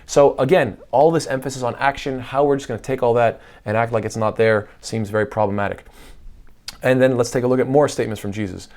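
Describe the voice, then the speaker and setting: A man's voice: mid-range voice, steady tone, fast talker, darkish tone. Man reading verses in a lecture. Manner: reads verses aloud and questions them rhetorically. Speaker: Islamic lecturer. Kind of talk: scripture commentary lecture.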